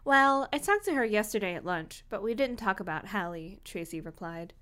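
A woman's voice: medium pitch, lively intonation, moderate pace, a bit bright. A woman co-hosting a comedy podcast, reading a novel aloud and cutting in with blunt, profane comments. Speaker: podcast co-host.

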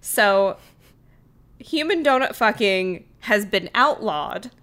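Blunt young woman with a bright voice. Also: mid-range voice, lively intonation. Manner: blunt, quick reactions, laughing. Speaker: podcast co-host. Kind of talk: casual book-recap chat.

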